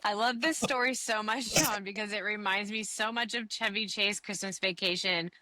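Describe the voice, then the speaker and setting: A woman co-hosts a podcast with a bright, lively voice. She speaks in a gushing, enthusiastic way. A faint hiss runs under her voice. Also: mid-range voice, normal speed. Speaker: podcast co-host. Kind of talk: casual chat.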